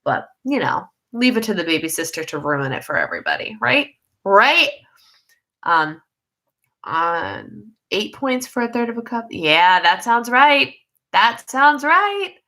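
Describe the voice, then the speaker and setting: A woman's voice: mid-range voice, sing-song, measured pace, pushed and bright. A young woman, chatting casually on a home livestream, rambling and laughing mid-sentence as she reads comments. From United States. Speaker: livestream host reading viewer comments. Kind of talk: casual live chat.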